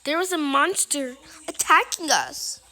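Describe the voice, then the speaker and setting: High, lively woman dramatizing a game. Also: a little slow. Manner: dramatic, excitable, often frightened exclamations. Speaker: game player. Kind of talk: gameplay role-play narration.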